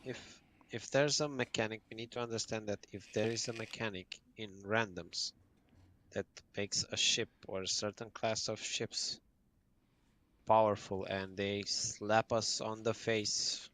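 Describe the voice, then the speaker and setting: A man's voice: lowish voice, steady tone, unhurried, fairly bright tone. A man as a podcast guest, earnestly explaining game tactics in casual chat.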